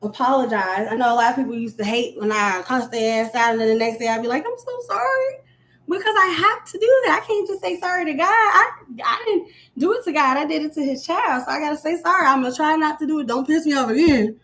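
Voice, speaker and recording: A woman chatting casually on her own livestream, telling animated stories full of slang and swearing. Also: sits high, fast. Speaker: live stream host.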